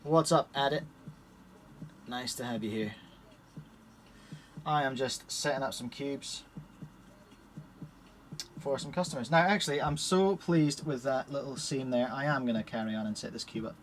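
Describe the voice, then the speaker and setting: A man's voice: mid-range voice, moderate pace, pauses often, a little hiss or hum. A man with a Scottish accent chatting casually on a live stream while setting up puzzle cubes in a shed. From Scotland. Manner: chatty, cheerful, talks while working with his hands.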